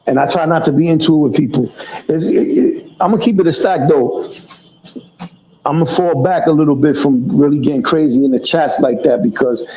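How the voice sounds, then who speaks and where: A man's voice: fairly high pitch, warm tone, rough recording. A man chatting casually on a livestream, loose and profane, full of street slang and restarts. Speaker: livestream host.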